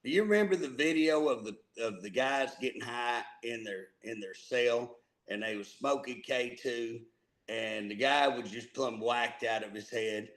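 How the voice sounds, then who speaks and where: A man's voice: mid-range voice, a little slow, a bit bright, poor audio. A man co-hosting a casual political talk show, folksy and emphatic, often repeating words as he starts a thought. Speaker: co-host.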